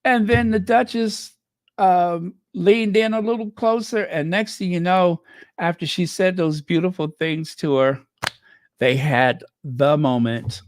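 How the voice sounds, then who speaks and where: A woman host chatting through a royal news livestream, unhurried and meandering, stopping often with fillers and false starts. She gushes sentimentally over what she reads out. The sound is close and dry, with no room around it. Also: lowish voice, a little mellow, no room sound. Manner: chatty, rambling, full of fillers and restarts; gushing, sentimental reactions. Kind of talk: casual livestream commentary.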